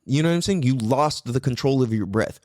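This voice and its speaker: A man's voice: medium pitch, moderate pace, dry recording, studio quality. A man hosting a podcast, talking casually in a rambling way and swearing freely. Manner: animated, profane, rambling. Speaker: podcast host.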